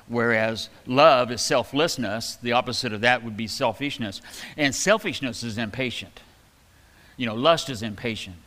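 A man's voice: mid-range voice, a bit bright, long reverb tail. A man giving a casual, rambling sermon, with many fillers and restarts, reading scripture aloud with emphasis. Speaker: preacher. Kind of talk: conversational sermon.

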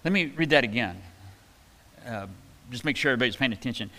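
Male preacher, folksy and rambling, bright forward tone, reads verses with emphasis. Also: medium pitch, lively intonation, fast, pauses often, big-room sound. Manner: folksy, rambling with many fillers and restarts; reads scripture aloud with emphasis. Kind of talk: conversational sermon.

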